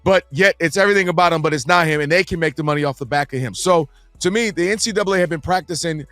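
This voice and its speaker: Measured man co-hosting sports radio. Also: fairly bright tone, dry recording, faint music behind. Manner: measured, explanatory, acts out quotes in a higher voice. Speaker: radio co-host.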